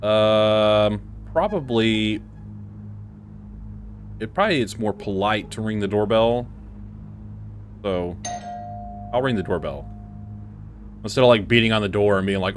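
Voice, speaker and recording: A hyper young man chatting through a game with a low, very lively voice, mumbling at times and laughing at himself. There is a faint noise under the recording. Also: unhurried, long pauses. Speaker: gaming YouTuber. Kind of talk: casual Let's Play commentary.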